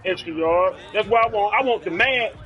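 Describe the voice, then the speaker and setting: A man with a Southern US accent, trash-talking on a live game stream in a loud, profane, heated rant. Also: sits high, brisk, dull audio. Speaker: streamer playing a football video game.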